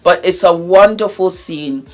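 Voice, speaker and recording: A woman casually recapping a reality show, animated and laughing often as she acts out what people said. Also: lowish voice, unhurried.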